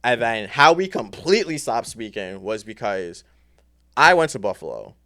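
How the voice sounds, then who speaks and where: Smooth-voiced laid-back young man. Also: mid-range voice, sing-song, moderate pace, fairly bright tone. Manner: laid-back, slangy storytelling. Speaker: podcast guest. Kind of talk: casual chat.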